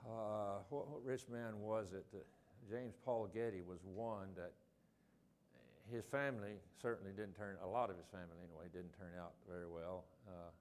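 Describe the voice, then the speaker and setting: Older male study leader, low voice, chatty and halting, reads quotes slowly. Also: steady tone. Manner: rambling, many ums and restarts, reads quotes slowly. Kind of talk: informal group Bible study.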